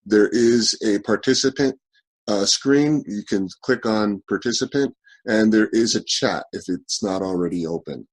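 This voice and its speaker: A man hosts an online forum over a video call. His voice sits low with a husky edge. He talks in a halting way, full of fillers and restarts.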